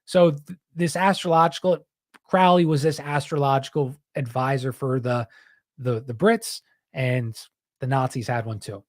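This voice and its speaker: A man's voice: mid-range voice, fairly even intonation, measured pace, dry recording, studio quality. A man hosting a podcast, talking in a rambling, heated, casual way and often saying "dude". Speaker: podcast host.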